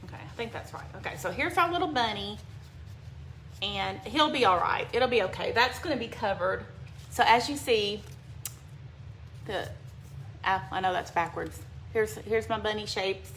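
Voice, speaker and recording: A woman's voice: medium pitch, expressive, moderate pace, long pauses, a bit bright. Chatty woman crafting live. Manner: chatty, talks to viewers by name, gets teary. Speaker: craft livestream host. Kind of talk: casual livestream crafting chat. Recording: echoey room with faint background noise.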